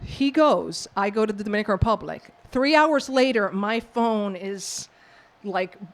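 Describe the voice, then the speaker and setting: A woman from the Bronx, an author and professor, answering audience questions with lively, acted-out storytelling. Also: medium pitch, unhurried. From New York, the Bronx. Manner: animated storyteller who acts out quoted exchanges. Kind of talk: book talk Q&A, storytelling.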